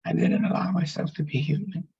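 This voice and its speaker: Gravelly, husky man telling an emotional story. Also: sits high, warm tone, highs cut off. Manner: halting, emotional, with pauses and restarts. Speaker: speaker telling his near-death story. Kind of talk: emotional personal testimony.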